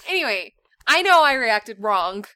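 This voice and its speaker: A woman in her thirties, a mother and podcast co-host, telling a family story in a casual, animated way with lots of laughter. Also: high-pitched, normal speed, dry recording. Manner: animated, laughing, acts out shouted quotes.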